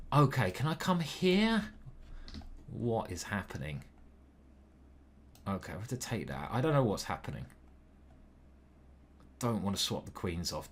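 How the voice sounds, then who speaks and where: A man commentating on his own online chess game as he plays, muttering to himself, swearing and getting excited. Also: medium pitch, a little hiss or hum. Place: small stuffy room.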